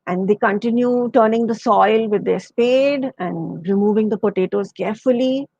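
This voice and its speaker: A woman tells a children's story gently, her voice husky with a gravelly fry. The sound is dry and close, slightly dull like a radio broadcast. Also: medium pitch, moderate pace, no room sound. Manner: gentle, retelling with quoted voices. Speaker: storyteller guest.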